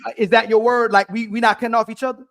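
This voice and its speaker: High-voiced insistent male podcast host. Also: level tone, fast talker, fairly bright tone. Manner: insistent, repeats questions over and over. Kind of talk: heated panel talk.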